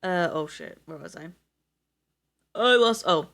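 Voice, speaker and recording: A woman's voice: on the low side, lively intonation, takes it slowly, vocal fry, fairly bright tone. Casual woman reading aloud on stream. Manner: casual, swears, laughs at herself. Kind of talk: live-stream read-aloud with asides.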